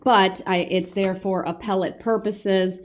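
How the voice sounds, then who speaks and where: A woman judge speaking formally in court, measured and careful, often pausing on small fillers. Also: mid-range voice, fairly even intonation. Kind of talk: courtroom proceedings.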